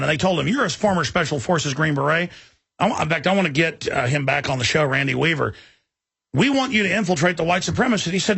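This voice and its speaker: A man's voice: a little high, lively intonation, fast, vocal fry, fairly bright tone, husky, no room sound. A man hosting a talk radio show, talking intensely in a rambling way with many restarts. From Texas.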